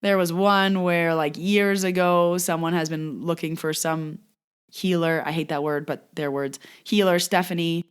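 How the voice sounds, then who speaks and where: A woman with a fairly low, fairly even voice speaks at a measured pace in a clean recording. She hosts her own podcast and practices Reiki, and she lives in a Canadian mountain town. Here she chats casually about a client, using lots of fillers and acting out what people said.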